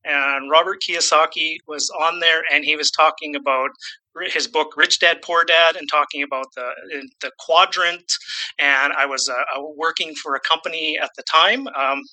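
A Saskatchewan-born real estate investor in his fifties chats casually as an interview guest, wandering off topic, putting himself down, and repeating words. His fairly high, bright, forceful voice keeps a fairly even intonation at normal speed. The recording quality is low.

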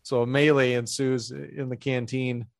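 A man's voice: mid-range voice, flat delivery, a little slow, vocal fry, no echo. A man hosting a podcast, casually and crudely retelling a film's plot with jokes. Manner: crude, joking plot recaps. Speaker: podcast host.

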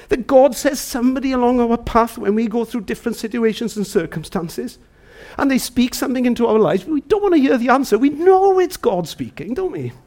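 Animated high-voiced male preacher. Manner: animated, swings between shouting and hushed tones; chatty with the congregation, asks them questions. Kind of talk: sermon with storytelling. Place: church.

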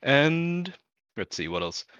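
A man introducing himself on a podcast in a soft, relaxed way, with a few fillers. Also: fairly high pitch, slow pace, clear, resonant tone, no echo, highs cut off. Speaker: podcast editor and player.

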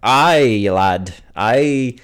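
A man voicing a blustery, fat older politician with a fake Scottish accent, drawn out and booming. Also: lively intonation, smooth. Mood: gruff. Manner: slow, drawn-out, booming put-on voice.

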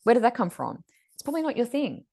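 A woman's voice: a little high, very animated, quick pace, vocal fry, darkish tone, husky. A woman, chatting casually about spiritual wellness on a podcast, full of fillers and "you know". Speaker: podcast co-host, psychic reader.

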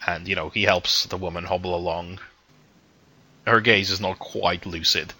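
A man's voice: sits low, steady tone, moderate pace, bright, forceful tone. A man narrating a tabletop role-playing game as game master, describing scenes with hesitant fillers.

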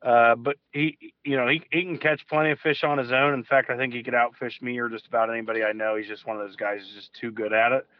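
A man's voice: mid-range voice, fairly even intonation, quick pace, hardly any pauses, no room sound. A man, a fishing guide calling in to a show, telling a long story in a loose, casual way with restarts and the odd swear word. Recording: dull lo-fi call audio.

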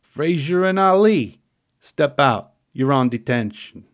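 A man voicing a gruff middle-aged male lunchroom proctor, barking orders loudly in a New York accent. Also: on the high side, expressive, slow pace. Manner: barking, loud, punchy emphasis.

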